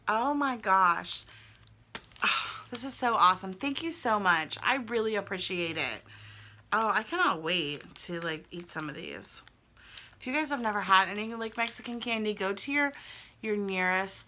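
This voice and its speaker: Bright-voiced woman gushing over fan mail. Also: mid-range voice, slight background noise. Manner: chatty, gushing, thinking aloud. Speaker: vlogger opening fan mail. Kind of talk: casual chat. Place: indoors at home.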